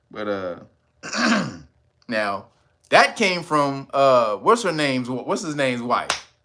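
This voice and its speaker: A man's voice: mid-range voice, sing-song, extremely slow, pauses often, bright, forceful tone, slight background noise. A man hosting his own channel, talking in a casual, comedic, profane way and breaking into laughter between lines. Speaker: channel host. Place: California.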